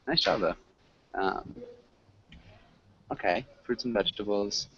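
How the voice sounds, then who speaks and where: A man teaching an online English class, correcting students patiently and clearly. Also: lowish voice, measured pace. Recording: muffled lo-fi call audio with faint hiss.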